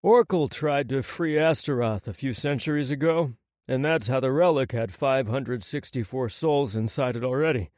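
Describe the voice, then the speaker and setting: Narrator doing a steady demon hunter guy, firm, dry close read. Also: medium pitch, normal speed, dry recording, natural voice. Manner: firm, matter-of-fact. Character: confident male demon hunter, steady and knowing. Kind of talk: audiobook character voice.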